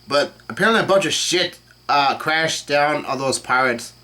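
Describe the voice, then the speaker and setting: A man casually reading a comic chapter aloud and commenting on it, with the dialogue in a flat voice and frequent fillers and self-corrections. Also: on the high side, normal speed. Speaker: channel host reacting to a comic chapter.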